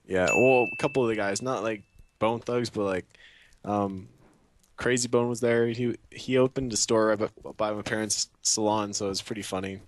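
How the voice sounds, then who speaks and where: A man's voice: fairly low pitch, steady tone, normal speed, a little hiss or hum. A young man in casual chat as a guest, rambling and hesitant with many fillers.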